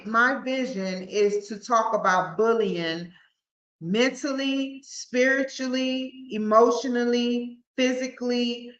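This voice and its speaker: A woman's voice: a little high, a bit bright. A woman hosting her own podcast in a casual, rambling solo talk, often restarting her sentences. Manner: rambling, with frequent restarts and stumbles. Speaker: podcast host. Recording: roomy, dull lo-fi sound.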